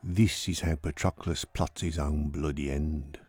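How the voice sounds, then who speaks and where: A man's voice: very deep voice, fairly even intonation, measured pace, darkish tone, husky, no echo. A man narrating a drama in a vivid storytelling manner.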